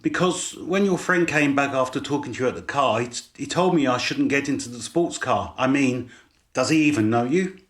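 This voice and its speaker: Male narrator doing a shy young woman, soft, light touch. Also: mid-range voice, lively intonation, normal speed, lightly acted. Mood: puzzled. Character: young woman with slight American accent.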